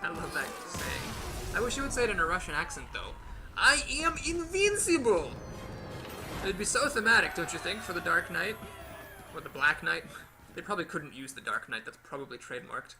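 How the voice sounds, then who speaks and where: A man hosting a gaming video, giving chatty, animated play-by-play commentary with playful exclamations. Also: fairly high pitch, brisk, background noise. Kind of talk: casual gameplay commentary.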